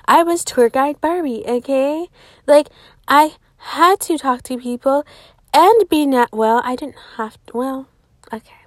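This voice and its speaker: A woman's voice: high-pitched, no room sound. A young adult woman hosting a podcast, telling a story in casual, profane chat, dropping to whispers for asides. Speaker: podcast host.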